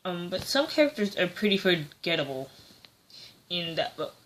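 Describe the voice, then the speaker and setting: A woman's voice: lowish voice, sing-song, moderate pace, a bit bright, slight background noise. A woman giving a casual, rambling book review, hesitant and full of fillers.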